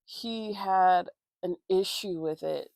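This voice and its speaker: A woman tells a story in a casual, heated way, swearing freely and filling every gap. Her voice sits low and is thick with vocal fry. It was recorded on a phone with a dry, close sound and no room echo. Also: slow pace, a little mellow. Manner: profane, heated venting with constant fillers. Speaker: vlogger. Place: indoors at home getting ready.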